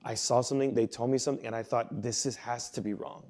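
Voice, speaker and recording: A man's voice: mid-range voice, steady tone, fast talker, a little mellow. A young man preaching to a youth group, telling a personal story in a conversational, earnest way, acting out the quoted lines. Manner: conversational, earnest, with many restarts and quoted inner thoughts. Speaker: youth pastor.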